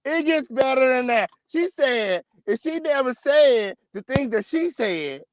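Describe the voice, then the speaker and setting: A man with an unusually high voice runs a celebrity gossip commentary. He swears often and hammers his points by saying them twice. The sound is dead dry, with no room around it. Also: lively intonation, a little slow, dry recording. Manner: profane, emphatic, repeats lines for effect.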